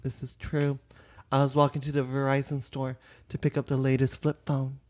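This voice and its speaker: A man's voice: mid-range voice, monotone, normal speed, a little mellow. A man telling comedic stories in a casual podcast chat, playful and theatrical, slipping into sassy quoted voices.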